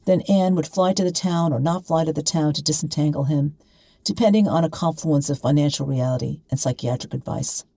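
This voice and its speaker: A woman reads a short story aloud in a measured, wry voice. Her tone is low and gravelly. It sounds close and dry, as in a quiet studio. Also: no room sound, rough recording. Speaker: reader.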